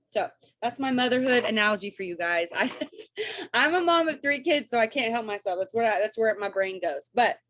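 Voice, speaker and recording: A woman, coaching her sales team on a video call in an energetic, chatty way and often checking in with "right?" and "okay?". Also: on the high side. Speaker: network marketing coach.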